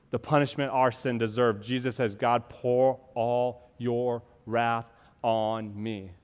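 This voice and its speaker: A man preaching a sermon as pastor, building to loud, impassioned peaks and dropping to soft, slow passages. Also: medium pitch, in a large hall. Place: church.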